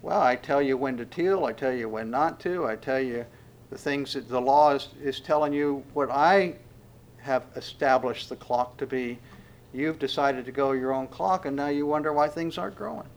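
A man preaching an expository sermon, reading scripture verses and pressing them home emphatically, rising loud on the quotes. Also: medium pitch, normal speed.

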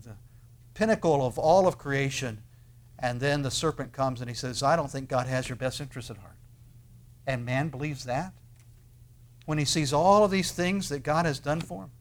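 A man preaching a sermon in an earnest way, with dramatic pauses and swells of emphasis on key words. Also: medium pitch. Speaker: pastor.

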